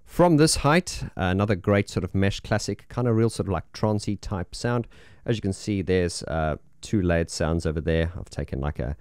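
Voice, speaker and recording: In a casual demo, a man with a low, darkish early morning voice enthusiastically rambles through his keyboard setup, using lots of fillers. The sound is clean studio audio with no room sound.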